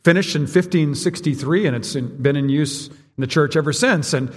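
Man, pastor, sermon, conversational, direct, slightly high voice, long church reverb. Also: moderate pace. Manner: conversational, direct address to congregation. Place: church sanctuary.

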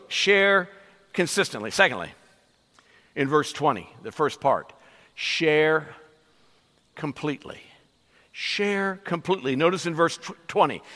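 Man, middle-aged, pastor, lively emphatic sermon, bright voice, church hall reverb. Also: fairly high pitch. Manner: emphatic preaching with many hesitations. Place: church sanctuary.

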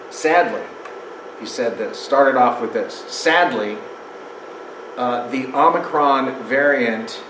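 A man teaching a Bible lesson to a small group in a casual, animated way, with chuckling asides. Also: mid-range voice, roomy sound, background noise.

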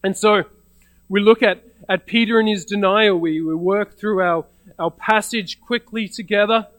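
Male pastor, sermon, high-ish voice, conversational storytelling with restarts. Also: normal speed, fairly bright tone, dry recording, poor audio.

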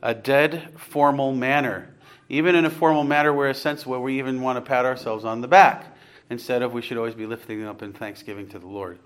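A man's voice: medium pitch, fairly even intonation, fast. A man preaching an earnest, conversational sermon, rising to emphatic points and putting questions to his congregation. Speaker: pastor.

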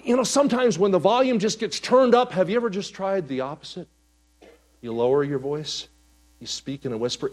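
Man preaching a storytelling sermon. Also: fairly high pitch. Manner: storytelling, swings from loud to soft. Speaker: pastor.

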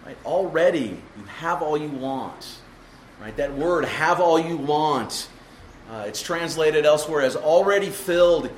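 Male preacher, mid pitch, emphatic teaching sermon, roomy echo with a faint hum behind. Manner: expository, asks rhetorical questions, emphatic. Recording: echoey room with faint ambience.

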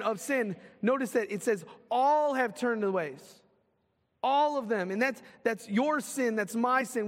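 A man preaching a sermon as pastor, swinging from loud, urgent calls to hushed, slow lines. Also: sits high, big-room sound.

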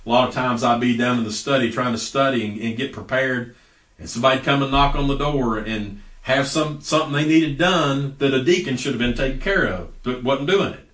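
Folksy preacher, echoey and distant. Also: male voice, mid-range voice, brisk, fairly bright tone. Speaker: pastor. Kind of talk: sermon. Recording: echoey room, voice heard from a distance.

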